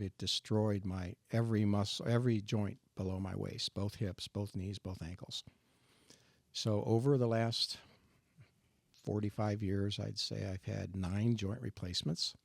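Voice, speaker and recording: A man in his sixties, a guest sharing his personal testimony in a faith discussion, earnest and reflective, often halting and restarting. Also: lowish voice, vocal fry, no room sound, studio quality.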